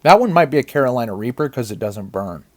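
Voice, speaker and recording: A man talks loosely over his own video in a middle-pitched voice, swearing freely. He keeps breaking off to groan, hum and sigh, clearly suffering from the chili heat. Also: animated, quick pace. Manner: casual, swears often, groans and hums through pain. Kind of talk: casual commentary track.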